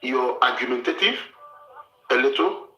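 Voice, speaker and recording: A man's voice: mid-range voice, animated, moderate pace, echoey room, soft background music, low-quality recording. A man from Africa hosting a show, giving blunt, lecturing relationship advice and repeating his points. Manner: forceful, lecturing, repeats himself.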